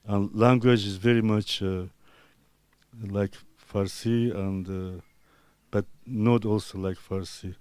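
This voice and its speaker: A man from Azerbaijan whose first language is Talysh, an artist answering interview questions in halting, broken English full of pauses and fillers. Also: lowish voice, steady tone, darkish tone, clear, resonant tone, no echo.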